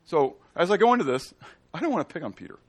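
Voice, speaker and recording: A man's voice: on the high side, fast. A man preaching a sermon in a casual, playful way, often acting out the people in his story. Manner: animated, playful, acts out quotes. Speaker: pastor.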